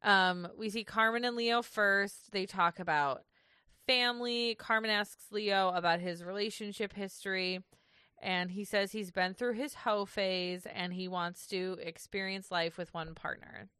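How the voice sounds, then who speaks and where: Woman, podcast co-host, casual recap chat, smooth bright voice, dry sound. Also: medium pitch, steady tone, unhurried, no room sound. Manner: chatty, laughs easily, reads from notes.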